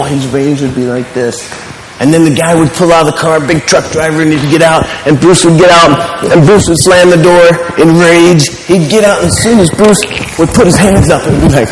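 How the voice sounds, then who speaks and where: A man teaching a martial arts class, telling lively stories and putting questions to his students. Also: fairly high pitch, slight background noise. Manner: animated storyteller, asks the class questions. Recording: echoey hall with faint ambience.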